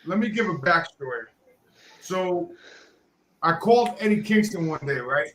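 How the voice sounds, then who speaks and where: A middle-aged man on a podcast, telling stories about his son in a loud, profane, interrupting way. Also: high voice, sing-song, moderate pace, roomy sound, slight background noise, low-quality recording. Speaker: podcast co-host, father. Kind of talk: casual podcast banter.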